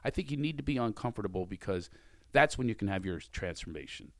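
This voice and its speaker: A male talk show host with a lowish voice speaks earnestly and reflectively, encouraging his guest as they chat. The sound is close and dry, with no room around it. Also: animated, fast, no room sound. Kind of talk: casual interview chat.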